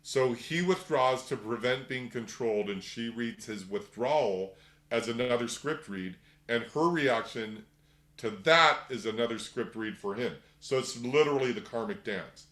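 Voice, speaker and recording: A middle-aged man leads a workshop in an easygoing, conversational way. His voice sits at an ordinary middle pitch and carries a noticeable room echo. Now and then he slips into quick put-on voices to act out little scenes. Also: a bit bright. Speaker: workshop teacher. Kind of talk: casual spoken lecture. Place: room with a group.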